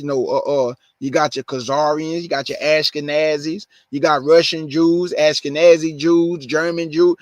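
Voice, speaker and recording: A man hosting his show, preaching, repeating his points slowly for stress. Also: high-pitched, no echo. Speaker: show host. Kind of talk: preaching monologue.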